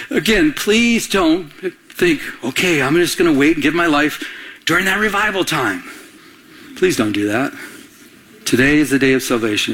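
A man's voice: medium pitch, a bit bright. A middle-aged male pastor preaching a conversational sermon, firing off rhetorical questions and calling on the congregation to answer.

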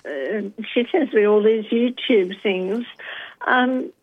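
A woman's voice: mid-range voice, takes it slowly. A woman calling in to a talk radio show, polite and thoughtful, hesitating with frequent ums. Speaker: radio caller. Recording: dull phone-line audio.

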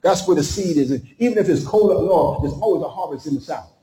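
A male preacher delivering a sermon with passion, dramatic pauses and acted-out voices. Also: on the high side, roomy sound, noisy background.

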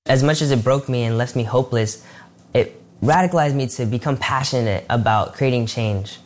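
A man's voice: medium pitch, normal speed. Earnest teenage young man. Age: late teens. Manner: earnest, with fillers and restarts. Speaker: interviewee, student. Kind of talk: casual interview answers.

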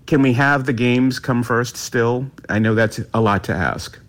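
A man giving opinionated sports commentary in a radio interview, animated and quick in bursts. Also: mid-range voice.

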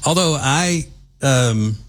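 A man's voice: medium pitch, expressive, takes it slowly. A man hosting a talk radio show, folksy and opinionated, rambling with fillers.

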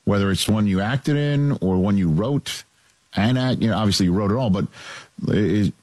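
Man, interviewer, husky voice, dry sound, stumbling casual questions. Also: lowish voice, normal speed, a little mellow, dry recording.

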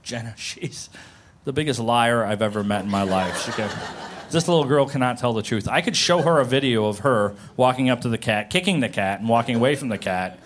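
A man doing a stand-up comedy set about his family, animated and acting out shouts and whispers. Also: mid-range voice, a little fast, slight background noise.

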